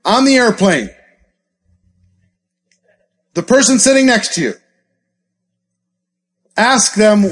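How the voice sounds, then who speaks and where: Animated high-voiced male sales trainer. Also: slow pace, pauses often. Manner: animated, acts out scripts and gasps for effect. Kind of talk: live training talk with role-play examples.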